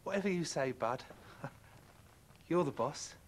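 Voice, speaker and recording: A man's voice: on the high side, animated, measured pace, slight background noise. An actor playing a nervous, eager-to-please man who stammers and defers. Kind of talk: kids TV series acting.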